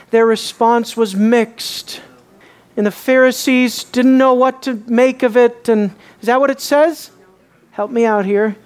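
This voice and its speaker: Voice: mid-range voice, darkish tone. A preacher giving an expository sermon in a conversational way, asking the audience many rhetorical questions and repeating phrases for emphasis.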